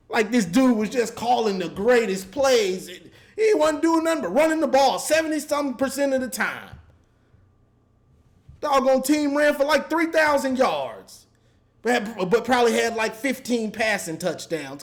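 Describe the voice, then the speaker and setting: Man, high voice, exasperated fan rant, repetitive, animated. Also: measured pace. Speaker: sports commentator. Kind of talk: ranting fan commentary.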